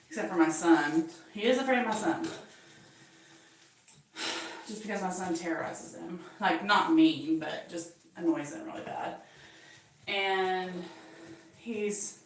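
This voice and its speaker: A woman hosting her channel, chatting casually and laughing often as she cleans her bathroom and talks to her cat. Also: fairly low pitch. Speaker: channel host chatting with live viewers. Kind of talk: casual chat while cleaning. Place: home bathroom. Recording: echoey bathroom, voice from far off, faint background noise.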